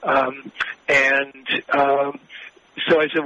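A man working as a mediator, answering interview questions in a measured, explanatory way with frequent hesitations. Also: mid-range voice, steady tone, pushed and bright, rough recording.

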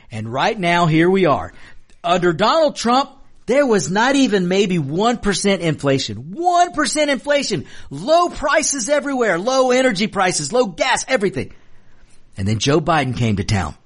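Male host, fairly high voice with wide swings in pitch, passionate and emphatic monologue delivery. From Mexican American. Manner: passionate and emphatic, repeats lines for stress. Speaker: political commentary host. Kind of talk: opinion monologue.

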